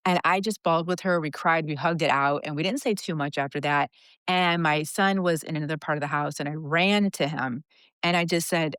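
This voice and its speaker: A woman's voice: low-pitched, fairly quick, no room sound. A woman in her fifties, a podcast guest, candidly and earnestly telling a personal story. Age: 50s. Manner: earnest, confessional, animated retelling.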